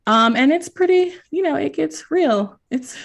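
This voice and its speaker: A woman's voice: high voice, lively intonation, measured pace, vocal fry. A young adult woman hosting a book podcast, talking casually with lots of fillers and restarts. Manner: chatty, many fillers and restarts. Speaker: podcast host.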